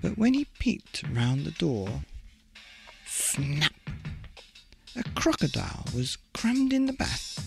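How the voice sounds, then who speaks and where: A man reading a bedtime story aloud in a gentle, expressive, unhurried way. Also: on the high side, gravelly, soft background music.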